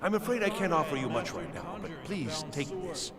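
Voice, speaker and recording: A polite, formal male elf scholar in a fantasy game. His pitch moves animatedly as he talks. A long reverb trails after his lines. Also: big pitch swings, a little fast, over music. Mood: measured. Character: fussy scholarly male elf mage researcher.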